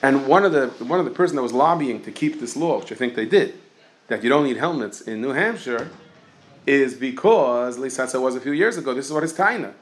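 A man's voice: mid-range voice, brisk. A man teaching an informal Torah class, telling stories and jokes and sprinkling in Hebrew and Yiddish terms. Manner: lively storytelling, mixes Yiddish and Hebrew terms.

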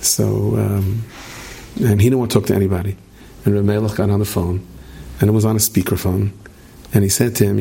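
Middle-aged male rabbi, gravelly and husky, loose storyteller who keeps restarting and quizzing the room. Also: lowish voice, level tone, brisk, dark tone. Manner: rambling storyteller, many restarts, asks the room questions. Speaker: rabbi teaching a class. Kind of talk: late-night Torah lecture to students.

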